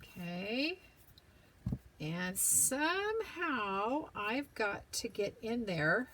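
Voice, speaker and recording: A woman hosting a paper-craft tutorial, chatting to herself as she works, sometimes whispering, her voice going hoarse. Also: on the high side, big pitch swings, fairly bright tone, a little hiss or hum. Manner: slow, chatty, talks to herself while working, drops to whispers. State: losing her voice, clearing throat.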